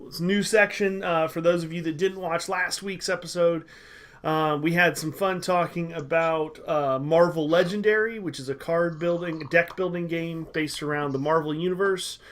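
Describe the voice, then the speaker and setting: Casual male podcast host, slightly high voice, joking, loose delivery. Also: fairly even intonation, normal speed, a bit bright. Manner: loose, joking, filler-heavy.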